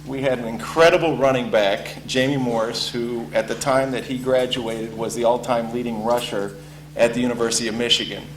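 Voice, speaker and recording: A former college football player telling a casual story with lots of ums and uhs. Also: male voice, mid-range voice, steady tone, fairly quick. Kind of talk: spoken anecdote to an audience. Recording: echoey room with faint hum.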